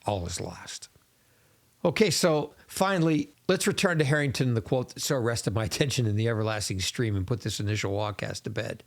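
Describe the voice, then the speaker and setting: A male podcast host speaks in a measured, earnest monologue with a literary turn of phrase. His voice is gravelly with plenty of fry, and it sits at a middle pitch.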